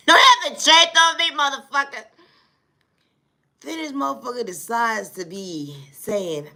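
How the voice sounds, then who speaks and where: A woman's voice: high-pitched, a little slow, pushed and bright. A woman telling a comic story as an exasperated, profane rant, often breaking into laughter. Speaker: vlogger.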